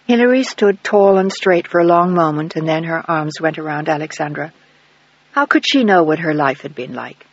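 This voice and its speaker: A man narrating an audiobook in an even, measured reading. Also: fairly high pitch, dry recording. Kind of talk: scripted narration. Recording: dull lo-fi dry recording.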